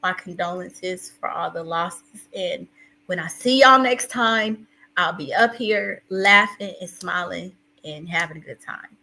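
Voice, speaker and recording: A woman's voice: lowish voice, unhurried, vocal fry, pushed and bright, slight background noise, low-quality recording. A woman hosting a casual live stream, reading out viewers' chat messages. She talks emotionally in rambling restarts and calls herself a crier.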